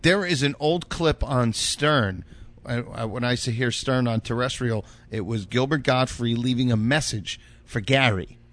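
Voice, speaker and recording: A man's voice: mid-range voice, normal speed, fairly bright tone. A man in a casual podcast chat, laid-back and saying "dude" and "man" often.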